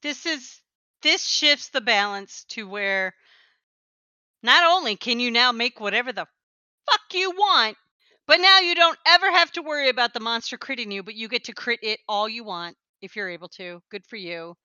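A woman's voice: on the high side, lively intonation, moderate pace, bright, forceful tone, clear, resonant tone, no echo. A woman co-hosting a casual podcast chat, ranting in exasperation and swearing freely, on a slightly dull recording. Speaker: podcast co-host.

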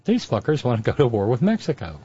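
A man's voice: medium pitch, big pitch swings, fast talker, mellow, breathy edge. Sarcastic guy doing political comedy, mid voice, kinda muffled audio. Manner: sarcastic, mocking. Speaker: comedy show host. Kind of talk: satirical political commentary.

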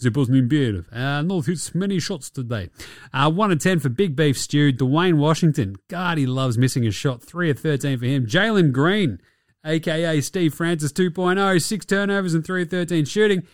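Sarcastic Australian man, slightly high voice. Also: lively intonation, normal speed, no room sound, studio quality. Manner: sarcastic, profane, mocking. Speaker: basketball commentator. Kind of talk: casual sports recap.

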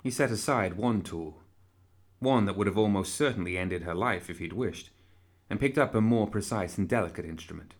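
A man narrating a novel with a low, steady delivery. He paces the descriptive passages evenly and keeps his tone measured throughout. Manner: measured, even storytelling. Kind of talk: audiobook narration.

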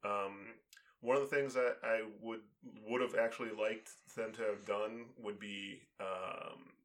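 A man's voice: on the low side, steady tone, measured pace. A man in casual chat, talking in a rambling way and filling his sentences with "like" and "um". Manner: rambling, full of "like" and "um".

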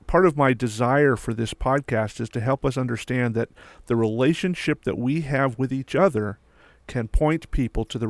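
A man hosting a podcast, warmly affirming his guest and reflecting on faith. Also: medium pitch, dry recording. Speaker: podcast host. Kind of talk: podcast interview.

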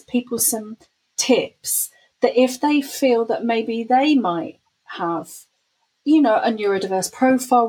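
A woman's voice: fairly high pitch, darkish tone, husky, low-quality recording. A woman hosting a casual interview, encouraging her guest and thinking aloud with restarts.

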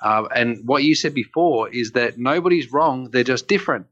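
A man's voice: mid-range voice, expressive, normal speed, fairly bright tone, highs cut off. Earnest male podcast host. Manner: earnest, searching for words with restarts. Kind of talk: reflective conversational commentary.

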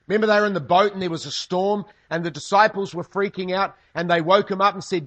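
A man's voice: fairly high pitch, fairly quick. A man preaching a sermon, telling stories with humorous asides. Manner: humorous storytelling, lively asides. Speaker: pastor.

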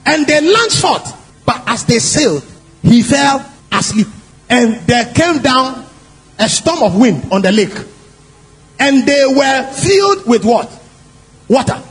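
A male preacher with a very high voice and a lively, swooping delivery. He stresses his points and keeps asking the congregation questions. A long hall echo trails each phrase, with faint music underneath. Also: takes it slowly, pauses often, slightly rough. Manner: animated and emphatic, asks the congregation questions. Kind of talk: sermon.

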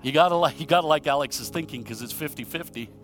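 A man from Michigan preaching a sermon, telling stories and asking rhetorical questions, swinging between loud emphasis and hushed moments. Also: on the high side, fast. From Michigan, USA. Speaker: pastor.

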